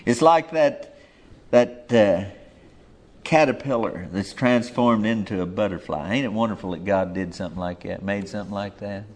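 A man preaching a sermon in a folksy, emphatic way, swinging between loud and hushed lines. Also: lowish voice, normal speed.

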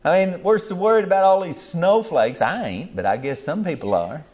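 A man's voice: a little high, lively intonation, moderate pace, darkish tone. Older preacher man, folksy and rambling, talkin to his flock. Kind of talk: sermon.

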